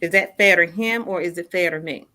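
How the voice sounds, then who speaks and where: Woman, fifties, bright forceful tone, lowish pitch, earnest storyteller who repeats herself for emphasis. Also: brisk. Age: 50s. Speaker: guest. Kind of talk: personal storytelling in a radio interview.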